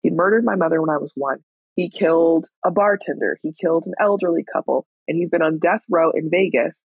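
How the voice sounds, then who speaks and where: Gravelly, husky woman in her thirties. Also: sits low, fairly quick, dry recording, phone-quality sound. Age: 30s. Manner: frank, candid, blunt with swearing. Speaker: storyteller. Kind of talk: personal storytelling.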